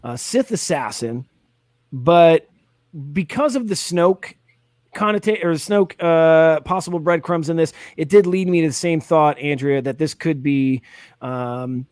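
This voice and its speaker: A man's voice: a little high, unhurried, a little mellow, dry recording, clean studio sound. A man hosting a casual live reaction chat, talking in a rambling, enthusiastic way with lots of fillers and restarts. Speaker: host.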